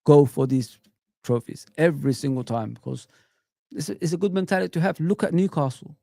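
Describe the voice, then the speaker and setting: Man, live-stream rant, gravelly voice, slightly high, dry close mic. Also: steady tone, a little fast, warm tone, no room sound. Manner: passionate, repetitive, rhetorical questions; talks straight to viewers and chat. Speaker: football fan YouTuber hosting a live stream.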